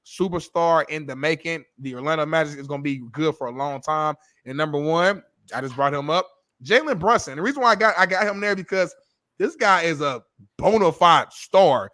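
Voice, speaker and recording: A man's voice: a little high, lively intonation, normal speed, sharp tone, no room sound, clean studio sound. A man co-hosting a sports talk show, arguing emphatically and swearing as he makes his case. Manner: emphatic, swears, argues point by point. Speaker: co-host.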